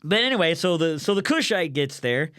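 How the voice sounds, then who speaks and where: A man co-hosting a casual Bible study podcast, reading scripture and acting out the characters in quick, animated voices. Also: a little high, clean tone.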